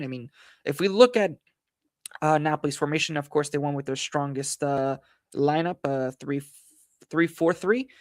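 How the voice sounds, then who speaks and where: A man hosting a football analysis livestream, hoarse from losing his voice, talking in a frustrated, rambling way full of fillers and repeated phrases. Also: fairly high pitch, dry recording, studio quality. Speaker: football channel host.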